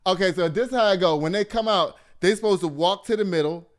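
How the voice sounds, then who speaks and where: A man from Texas, hosting a casual commentary show in an animated, profane and mocking way. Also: high-pitched, quick pace. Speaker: host.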